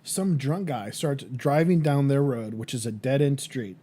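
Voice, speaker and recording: A man's voice: mid-range voice, lively intonation, measured pace, mellow. A young man co-hosting a podcast, chatting casually and telling stories with many fillers and restarts. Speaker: podcast co-host. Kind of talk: casual chat.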